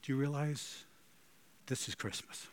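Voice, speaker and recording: A man preaching a sermon, telling stories dramatically and swinging between loud and hushed delivery. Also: medium pitch, a little slow. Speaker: pastor.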